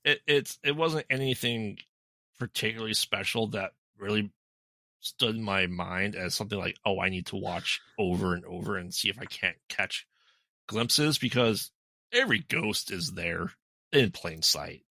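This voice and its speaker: A man's voice: lowish voice, normal speed, pushed and bright, no echo. A man co-hosting a podcast who retells a film's plot in casual chat, rambling with frequent ums. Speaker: podcast co-host. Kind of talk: casual movie recap chat.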